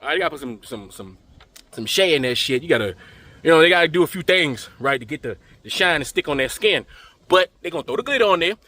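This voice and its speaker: A male commentary host rants in an emphatic, profane, preachy way, his voice pitched high and bright. The sound is dry and close, with no room around it. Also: no room sound. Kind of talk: ranting reaction commentary.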